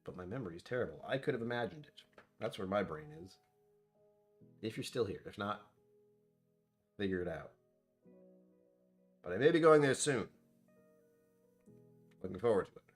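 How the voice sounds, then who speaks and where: A man with a lowish voice hosts a casual whiskey tasting. He rambles and thinks out loud, pokes fun at his own memory, and his pitch swings widely as he goes. Soft guitar music plays faintly behind him. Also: animated, normal speed, pauses often. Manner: rambling, self-deprecating, thinks aloud. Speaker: whiskey reviewer.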